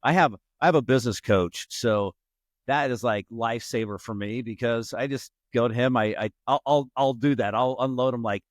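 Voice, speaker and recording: A man hosting a podcast interview. He chats in an agreeable, relaxed way, often affirming his guest and sharing his own experiences. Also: mid-range voice, moderate pace, dry recording, clean studio sound. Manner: agreeable, relaxed, with frequent affirmations and small restarts. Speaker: podcast host.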